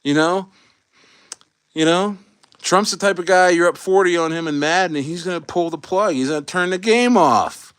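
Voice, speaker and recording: Rambling American livestream host. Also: male voice, high voice, normal speed, fairly bright tone, smooth, no echo, clean studio sound. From United States. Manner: rambling, swears freely, many restarts. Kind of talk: casual livestream chat.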